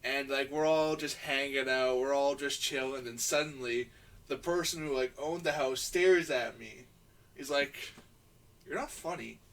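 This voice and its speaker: A man's voice: medium pitch, steady tone, moderate pace, distant mic, noisy background. A man co-hosting a casual podcast, telling stories with frequent laughter and swearing. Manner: laughs often, storytelling, swears. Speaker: podcast co-host.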